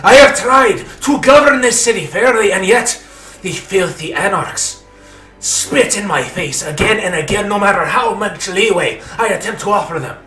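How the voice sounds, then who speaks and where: A man's voice: high voice, lively intonation, takes it slowly, pauses often, bright, forceful tone, faint music behind, pitched above the performer's own voice, heavily acted. A man voicing a haughty, commanding male vampire prince with a put-on Spanish accent, bellowing formal proclamations. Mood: wrathful proclamation. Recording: roomy echo.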